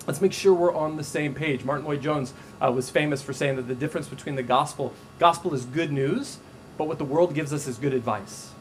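Slightly high-voiced man preaching casually. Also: a little fast, slight background noise, poor audio. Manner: casual, animated storytelling with frequent restarts. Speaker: pastor. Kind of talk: sermon.

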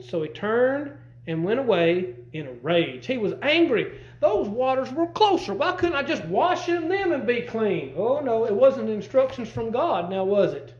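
A man's voice: sits high, big pitch swings, normal speed, a little mellow, echoey room, muffled recording. A man preaching a sermon, folksy and conversational, asking the congregation questions as he goes. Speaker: pastor.

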